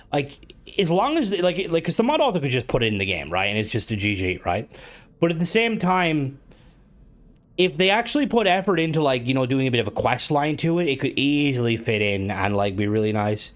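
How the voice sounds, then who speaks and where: A man streaming and chatting casually, rambling with lots of fillers, restarts and swearing. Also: fairly high pitch. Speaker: game streamer. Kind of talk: casual live-stream chat.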